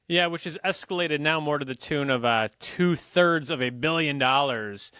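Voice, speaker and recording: A man hosting a podcast who speaks in a measured, thoughtful way and stops to rephrase. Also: a little high, sharp tone, smooth, no echo, clean studio sound. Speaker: podcast host. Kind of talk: casual podcast conversation.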